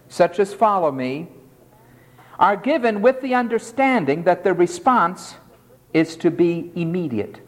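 Male preacher, emphatic sermon delivery, slow and sweeping, long hall echo. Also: sits high. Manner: emphatic, dramatic, mimics pleading tones.

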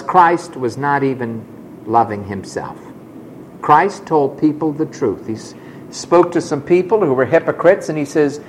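A man's voice: on the high side, a little hiss or hum. A man preaching a sermon, telling a personal story with emphatic, dramatic delivery and acting out the people he quotes.

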